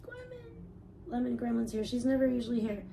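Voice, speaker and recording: A woman's voice: fairly high pitch, moderate pace, vocal fry, dark tone. A woman live streamer chatting casually from her home computer room, swearing freely as she talks. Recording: echoey room, mic at a distance, faint hiss.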